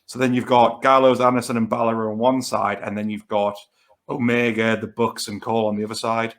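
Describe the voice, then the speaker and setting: A man's voice: medium pitch, little pitch movement, fairly quick. North east english man talking wrestling picks. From North East England. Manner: talks through a pick at length, restarting phrases. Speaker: podcast co-host. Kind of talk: casual podcast chat.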